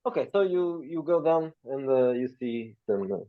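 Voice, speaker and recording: A man's voice: medium pitch, lively intonation, normal speed, dry recording. Man game master on a tinny line. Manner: hesitant, casual, filler-laden. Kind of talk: narrating a tabletop game.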